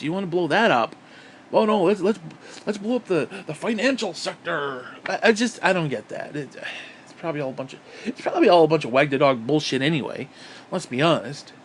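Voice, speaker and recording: A man's voice: fairly high pitch, a little hiss or hum. A man from upstate New York delivering an angry, profane, sarcastic political rant on his vlog. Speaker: vlogger.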